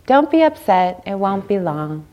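A woman voicing a calm, patient young mother who soothes and reassures in a gentle tone, told within a talk. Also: mid-range voice, a little slow, highs cut off. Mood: soothing.

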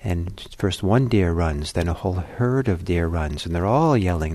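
A man telling a Buddhist parable in a talk, unhurried and conversational. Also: sits low, lively intonation, a little mellow. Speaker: Buddhist teacher.

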